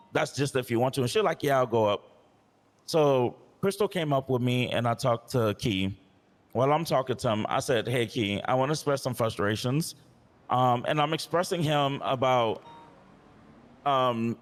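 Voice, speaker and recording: A man's voice: mid-range voice, in a large hall. A man playing a police officer in a role-play game, frustrated and recounting past conversations in detail. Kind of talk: in-character role-play complaint.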